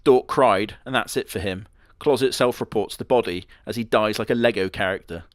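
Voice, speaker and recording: A man's voice: on the low side, brisk, over loud music. A man giving crude, sarcastic comedic commentary on an anime, full of mocking asides. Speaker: anime reviewer.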